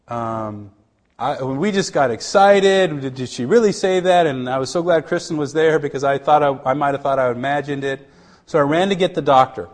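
A middle-aged missionary man sharing a personal testimony in an earnest, halting way, with many restarts, dropping to a hush at tender moments. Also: mid-range voice.

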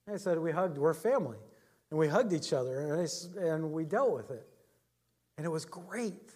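Middle-aged male preacher, casual anecdotal delivery, voice sits a bit high. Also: brisk, darkish tone. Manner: conversational storytelling, chuckles often. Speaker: pastor. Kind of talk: sermon with personal anecdotes.

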